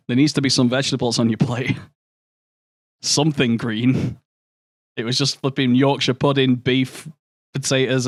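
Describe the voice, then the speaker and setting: A man's voice: medium pitch, no echo, studio quality. A young man casually commentating a game stream and chatting with viewers, swearing often and bantering.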